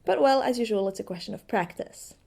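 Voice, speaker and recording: A woman giving a language lesson, slowly and carefully demonstrating pronunciation; Swedish is not her first language. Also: mid-range voice, animated, vocal fry, darkish tone, a little hiss or hum. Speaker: folk music teacher.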